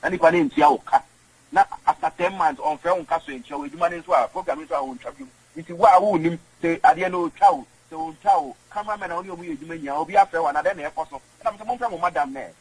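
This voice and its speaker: A man, rambling in halting speech with many repeated words as an interview guest on radio. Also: fairly high pitch, breathy edge, poor audio. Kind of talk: casual interview.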